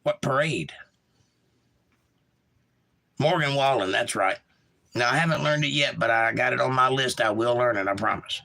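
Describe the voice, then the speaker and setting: A livestream host with a Southern drawl from Georgia, chatting easily with his viewers as he reads their messages out. His voice has a gravelly edge to it. The tone stays bright and forward throughout. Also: mid-range voice, moderate pace, pauses often, poor audio. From Georgia, USA. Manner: laid-back, reads chat messages aloud and replies. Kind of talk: casual livestream chat, reading comments aloud.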